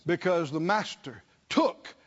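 A man with a somewhat high, expressive voice preaches slowly, hammering his points through repetition, rhetorical questions and prompts for the congregation to respond. The sermon recording is dull and lo-fi.

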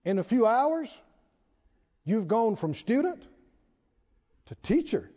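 A preacher delivers a sermon in a high, swinging voice with a warm, mellow tone and big pitch swings. He stresses words emphatically, stretching them slowly, with the occasional chuckle. The recording is dull and lo-fi, with a long reverb tail from a large hall.

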